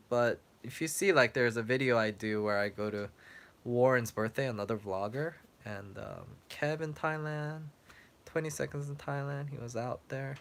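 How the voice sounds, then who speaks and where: A young travel vlogger chats casually on a livestream, answering viewer questions with lots of fillers. His mid-range voice is a bit bright with vocal fry at normal speed, but it's wearing out: he's losing his voice and clearing his throat.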